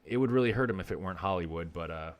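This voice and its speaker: Man, very low voice, casual podcast movie recap, dry asides. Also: rapid-fire. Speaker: podcast co-host. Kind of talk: casual movie review chat.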